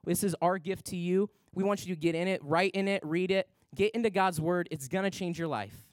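Speaking a little fast in a voice that sits high, a young man preaches to a large church worship center, and the recording has no room sound. The pastor tells stories with animation, giving voice to the people in them.

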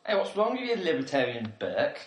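A man's voice: a little high, huge pitch swings, fairly quick, echoey room, poor audio. A young man from England playing a preachy, pompous self-styled student revolutionary in a comedy sketch. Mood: smug. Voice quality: pompous, speechifying. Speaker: student activist on a volunteer trip.

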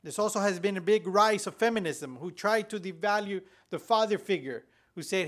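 A male pastor delivers his sermon for a church podcast. His voice sits a little high for a man. He tells a story in a conversational way, often restarting his sentences. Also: normal speed, hardly any pauses, fairly bright tone. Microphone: podcast recording.

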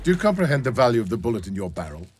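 An actor playing a cold, arrogant colonial governor, speaking with measured contempt in a movie clip. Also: male voice, medium pitch, very animated, lightly acted. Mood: contemptuous. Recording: movie clip with faint background noise.

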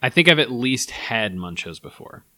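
A man co-hosting a casual food-tasting podcast, playful and quick to laugh. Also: medium pitch, very animated, sharp tone, no room sound. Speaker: podcast co-host. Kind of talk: casual chat.

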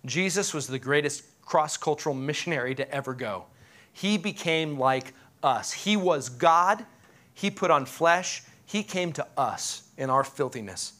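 Bright, high-voiced male preacher. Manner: animated, joking asides, pauses to ask the congregation. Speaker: pastor. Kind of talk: sermon.

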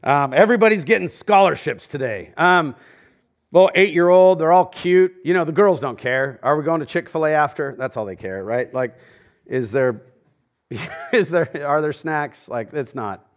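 Man, pastor, middle-aged, sermon, slightly high voice, conversational, hushed punchlines. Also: expressive, moderate pace. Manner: conversational preaching, drops to a near hush on key lines. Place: church sanctuary.

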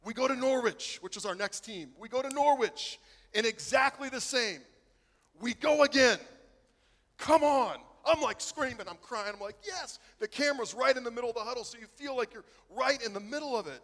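A man preaching a sermon, telling a story that swings from hushed to excited. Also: very high-pitched, quick pace, long reverb tail. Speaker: pastor.

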